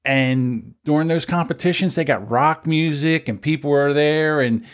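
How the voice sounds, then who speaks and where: A man co-hosting a podcast in crude casual banter, animated and breaking into loud chants and mock shouts. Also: on the high side, normal speed. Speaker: podcast co-host.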